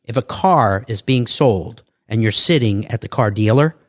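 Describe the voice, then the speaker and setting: Animated salesman-style male guest. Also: mid-range voice, moderate pace, dry recording. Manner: animated salesman patter, acts out dialogue. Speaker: podcast guest, entrepreneur. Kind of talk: casual interview talk.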